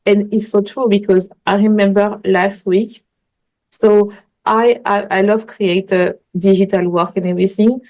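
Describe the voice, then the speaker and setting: Mellow-voiced woman. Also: medium pitch, fairly even intonation, a little slow, low-quality recording. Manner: earnest, rambling storytelling in non-native English. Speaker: manifestation coach, podcast guest. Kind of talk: casual interview chat.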